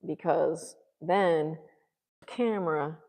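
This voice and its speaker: A woman's voice: low-pitched, slow, darkish tone, in a large hall. A woman vlogger thinking aloud to herself as she paints, musing in murmured asides. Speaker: art vlogger.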